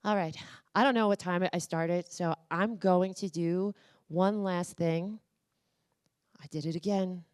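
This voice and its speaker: A woman with a lowish, smooth voice and measured pace gives a motivational talk in a conference room. She's energetic and coaxing, addressing the crowd directly as she leads them through voice exercises.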